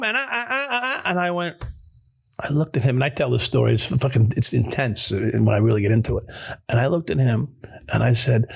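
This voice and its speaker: A man in casual podcast conversation, telling a story in an animated, profane way with many restarts. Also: medium pitch, a little fast, vocal fry, slightly rough.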